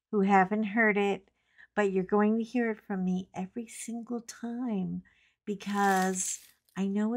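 A woman's voice: medium pitch, slight background noise. A middle-aged woman chatting casually at home while she paints, telling a funny story with frequent laughs and a bit of salty language. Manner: chatty storyteller, laughs often, colorful swearing. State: recovering from a cough. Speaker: craft channel host. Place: home craft table.

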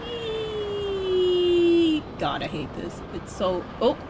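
A woman streaming a game live, excitable, talking back to the game, swearing and laughing as she plays. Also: mid-range voice, slow, background noise. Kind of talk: live gameplay commentary.

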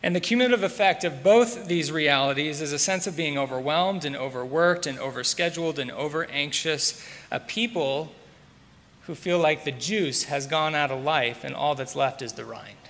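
A man preaching a sermon as pastor, measured and repeating key words for emphasis. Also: a little high, fairly bright tone. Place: church sanctuary. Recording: long hall reverb.

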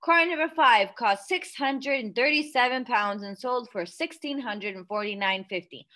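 A woman voicing a pompous, hot-tempered middle-aged father who brags and shouts accusations. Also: fairly high pitch, normal speed, pitched above the performer's own voice. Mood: boastful. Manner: boastful, then shouting and accusing.

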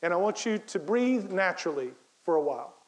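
A man, a professor, giving an energetic motivational keynote talk, repeating key phrases for emphasis and coaching the audience through a breathing exercise. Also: sits high, fairly quick, rough recording.

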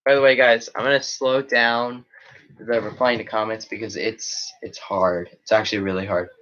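A man's voice: on the low side, level tone, moderate pace, fairly bright tone, dull audio. A man chatting casually on a live stream, rambling as he reacts to chat comments. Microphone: webcam setup.

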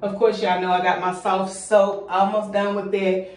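A woman's voice: mid-range voice, flat delivery, moderate pace, a little hiss or hum. Young woman, out of breath, gushing vlog chat, roomy bathroom echo, mic some distance away. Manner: chatty, effusive, addresses viewers as y'all. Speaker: home organization vlogger.

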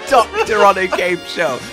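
A man hosting a gaming video with friends, excitable, laughing often and swearing in surprise. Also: high-pitched. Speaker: host of a gaming channel. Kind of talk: energetic gaming commentary with friends.

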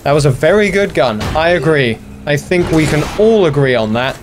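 Sweary self-mocking gaming host, fairly high voice. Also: male voice, lively intonation, moderate pace, music in the background. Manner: self-deprecating, sweary, chatty. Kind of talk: casual let's play commentary.

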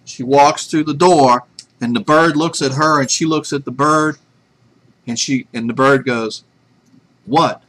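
A man's voice: medium pitch, unhurried, fairly bright tone. A man teaching a math class, chatty and self-deprecating, telling a joke before getting to the lesson. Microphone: webcam. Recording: faint room noise from a webcam.

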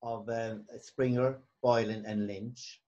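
A man's voice: mid-range voice, level tone, slow pace, mellow. Irish man on dull lo-fi call audio. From Ireland. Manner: brief, agreeable replies. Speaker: guest. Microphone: video call.

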